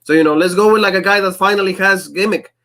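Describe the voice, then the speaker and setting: Co-host, male, accented English, slightly high voice, animated and chatty. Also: fast talker. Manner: animated, frequently acts out quotes in shifting voices; speaks English with a non-native accent. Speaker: co-host of a wrestling review show. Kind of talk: casual podcast chat.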